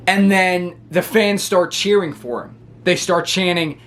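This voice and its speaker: Brief: high-pitched male wrestling reviewer, excitable, rambling casual recap. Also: a little slow, hardly any pauses. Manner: excitable, rambling with many restarts.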